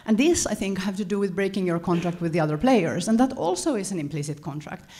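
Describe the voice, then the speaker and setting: A woman giving a lecture-style talk to an audience, animated and often correcting herself mid-sentence. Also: mid-range voice, quick pace. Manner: animated, self-correcting, chuckles between points. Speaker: conference speaker.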